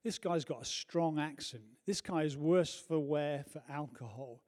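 A man preaching a sermon in a church, telling a personal story earnestly, moving from hushed to loud. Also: fairly high pitch, measured pace.

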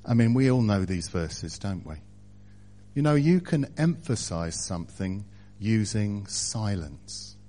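A man preaching a sermon, speaking deliberately and building to louder emphatic passages. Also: lowish voice, expressive.

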